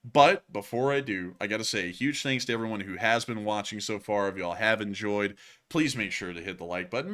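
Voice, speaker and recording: A man hosting a live-stream news show, chatting casually and reading out viewer messages, with lots of fillers and restarts. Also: lowish voice. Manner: rambling, heavy on fillers and restarts, upbeat shout-outs.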